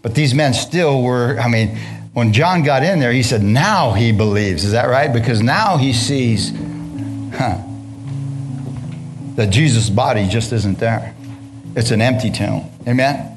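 A man's voice: medium pitch, lively intonation, unhurried, pauses often, music in the background. A man preaching a sermon, reading scripture then breaking into casual, slangy asides and questions to the congregation.

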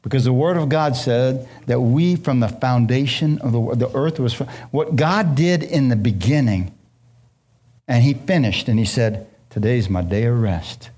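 Husky-voiced man preaching. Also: mid-range voice, a little slow, a little mellow. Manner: preaching with storytelling and questions to the audience. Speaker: pastor. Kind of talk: sermon.

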